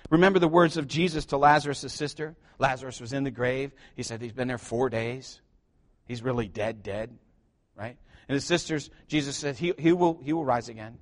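A man preaching to his church, animated and joking, calling out to the congregation for responses. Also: mid-range voice, normal speed. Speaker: pastor. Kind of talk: sermon. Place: church sanctuary.

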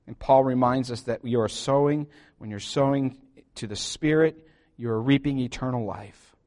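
A man preaching to his church, animated and joking, calling out to the congregation for responses. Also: medium pitch, normal speed. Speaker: pastor. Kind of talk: sermon. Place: church sanctuary.

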